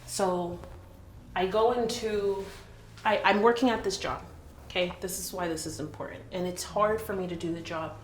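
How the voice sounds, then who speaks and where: A woman from Jamaica telling a painful personal story in an earnest, halting way, with many restarts. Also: lowish voice, slight background noise. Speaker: business owner telling her story. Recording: roomy echo.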